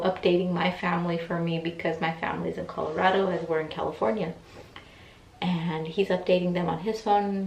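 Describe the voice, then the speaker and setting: A woman's voice: on the low side, gravelly, slight background noise. A woman in her twenties telling a personal story in a casual, emotional way, acting out the voices of the people in it. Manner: chatty, emotional, acts out quoted voices. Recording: echoey room, mic at a distance.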